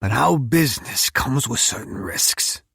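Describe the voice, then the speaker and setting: A male narrator voicing a gruff, proud older mob uncle who blusters and lectures. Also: medium pitch, expressive, a little slow, fairly bright tone, no echo, studio quality, voice pushed up, exaggerated voice. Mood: firm.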